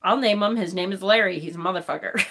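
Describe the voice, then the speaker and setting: A woman's voice: mid-range voice, fast talker, a bit bright, slight background noise. A woman in her forties chatting on a live stream, emotional and tearful, laughing and swearing often. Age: 40s. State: crying. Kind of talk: casual live-stream chat. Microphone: phone.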